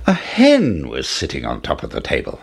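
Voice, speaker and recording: A man narrating a children's fairy tale in an expressive, deliberate storytelling manner. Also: rumbling low, vocal fry, slightly rough.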